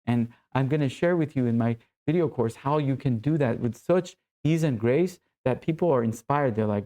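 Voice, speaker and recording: An earnest male coach speaks straight to the viewer in a mellow, warm voice, close and personal. He slows on key phrases to let them land. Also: mid-range voice. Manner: earnest, intimate, addresses viewer as brother. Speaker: men's coach. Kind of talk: direct-to-camera coaching monologue.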